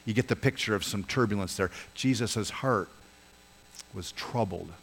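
A man's voice: normal speed, creaky, a bit bright, a little hiss or hum. A man preaching a sermon as pastor, earnest, swelling and dropping his voice for emphasis and speaking straight to his congregation. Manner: earnest, rises and falls in pitch and volume for emphasis; addresses congregation directly, asks them to join in.

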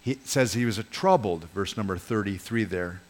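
Earnest low-voiced male pastor preaching. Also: moderate pace. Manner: earnest, rises and falls in pitch and volume for emphasis; addresses congregation directly, asks them to join in. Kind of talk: sermon.

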